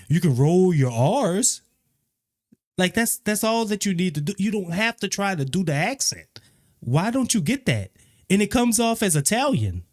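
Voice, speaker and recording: A man with a high-sitting voice gives a casual, opinionated spoken review of an album. He often repeats himself and gets more animated when criticizing.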